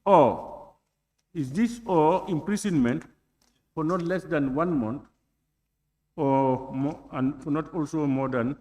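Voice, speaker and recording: High-voiced man chairing proceedings. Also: a little mellow. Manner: deliberate, reads clauses slowly and puts questions. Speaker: chairing a parliamentary committee. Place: legislative chamber.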